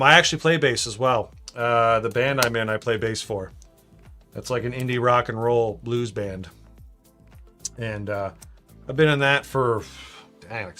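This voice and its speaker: Laid-back man chatting on a live stream. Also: medium pitch. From Canada, southern Ontario. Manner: relaxed and rambling, reads chat messages aloud between fillers. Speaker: live-stream host, LEGO builder. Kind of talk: casual live-stream chat while building. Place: home.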